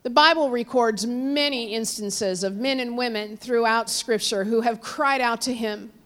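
A woman preaching a sermon, telling a story with sudden swings between raised cries and hushed, low passages. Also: measured pace. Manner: storytelling, dramatic swings from loud cries to hushed near-whispers; quotes figures in raised voices, drops low and soft on God.

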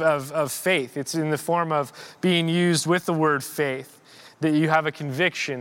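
A man's voice: fairly high pitch, fairly bright tone, smooth. A man giving an informal sermon in a church, conversational, repeating words and rising in emphasis. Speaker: preacher.

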